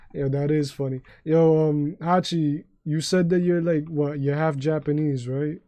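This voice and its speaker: A New York man rambles through stories on his game stream, swearing freely and tripping over his own restarts. His voice sits a little high for a man but sounds warm and mellow. The sound is close and dry. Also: steady tone, unhurried, hardly any pauses, dry recording. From New York City. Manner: rambling, profane storytelling with many restarts. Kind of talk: casual livestream chat.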